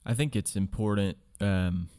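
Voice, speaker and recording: Low, soft-spoken man. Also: measured pace. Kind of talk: casual discussion.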